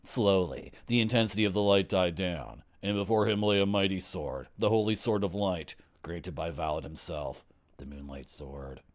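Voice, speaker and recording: A man's voice: deep voice, normal speed. A man in his forties who streams games, reading the story text aloud and breaking off for wry, griping asides. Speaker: game streamer.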